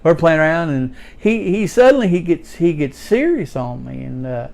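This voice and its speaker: A man's voice: a little high, sing-song, moderate pace, creaky, a little mellow. A man, playing a folksy redneck working man in a rambling comedic monologue, stammering as he tells his story.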